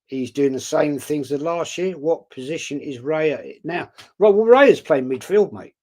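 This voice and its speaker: A man's voice: a little high, lively intonation, measured pace, a little mellow. A man chatting casually on a live stream, reading out viewer comments and answering them bluntly. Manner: blunt, outspoken, chatty, calls viewers mate.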